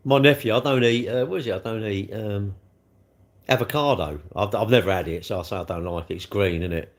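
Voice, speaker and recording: A man's voice: sits low, brisk. An older man, hosting a casual livestream, chatting in a rambling, blunt way while he answers viewer comments. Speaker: livestream host.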